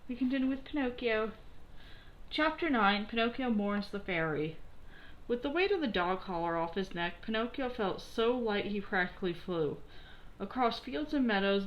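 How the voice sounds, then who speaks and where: A woman reading a children's story aloud in a gentle, expressive way, with occasional slips. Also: mid-range voice, dull audio.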